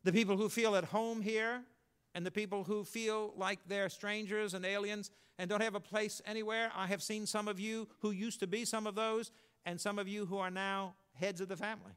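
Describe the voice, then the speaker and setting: An older pastor with a drawl delivers his sermon in a folksy, storytelling way. His voice sits a little high for a man. He builds to emphatic points and then drops to a low, confiding tone. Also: steady tone, moderate pace, a bit bright, clear, resonant tone.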